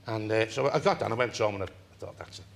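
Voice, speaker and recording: An older man from England, a talk-show guest telling a long story in an animated way and laughing through it. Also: fairly low pitch, fast talker, vocal fry. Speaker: interview guest. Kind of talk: anecdotal storytelling.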